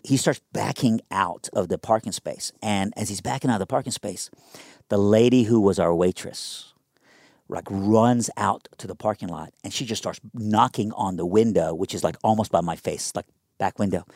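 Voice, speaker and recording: Man, low voice, casual storytelling, lively and filler-heavy, dry studio sound. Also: moderate pace, no room sound. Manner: animated, conversational, many fillers. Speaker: guest telling his conversion story.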